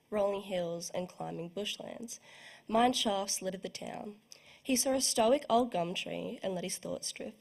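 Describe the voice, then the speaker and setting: A young woman reads her own prose aloud at a launch, careful and evocative in her phrasing. Her voice sits at a middling height for a woman, with the occasional small stumble over a word. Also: medium pitch. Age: young adult. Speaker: student writer reading her work. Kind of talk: literary reading.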